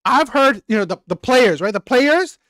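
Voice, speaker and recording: A woman's voice: a little high, expressive, moderate pace, fairly bright tone, dry recording, studio quality. A woman hosting a reaction channel, commenting bluntly and profanely, repeating her points for emphasis.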